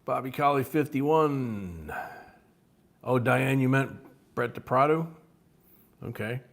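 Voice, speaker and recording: A man's voice: mid-range voice, slow, gravelly. A man from Chicago hosting a live-streamed coin auction, chatting between calls of bidders' names and bids. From Chicago, USA.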